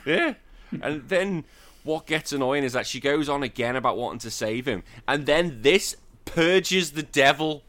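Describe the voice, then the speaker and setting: Aussie bloke hosting a podcast, bright voice, swears a lot, mocks the movie. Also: male voice, fairly high pitch, lively intonation, a little slow. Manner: sweary, mocking, acts out characters' lines. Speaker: podcast host. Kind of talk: casual comedic film chat.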